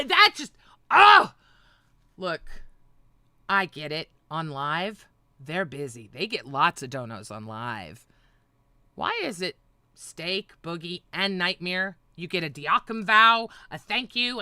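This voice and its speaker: A woman holds forth on a livestream, her voice very bright and lively as it climbs into outraged shouts. She swears freely and keeps tearing into people. The sound is dry and close. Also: fairly high pitch, no echo. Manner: profane, ranting, swings to shouting. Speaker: livestream host. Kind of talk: heated livestream rant.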